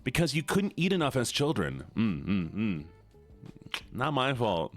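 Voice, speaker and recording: With faint music in the background, a man live-streams in an unhurried way, chatting casually and teasing his viewers playfully. His pitch swings widely, and he squeals high when feigning annoyance.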